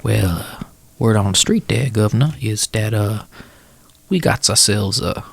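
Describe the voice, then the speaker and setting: A man voicing a folksy Southern informant, Pete Pan, in a put-on American Southern drawl with a gravelly voice. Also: on the low side, a little slow, no room sound, exaggerated voice. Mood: sly, conspiratorial.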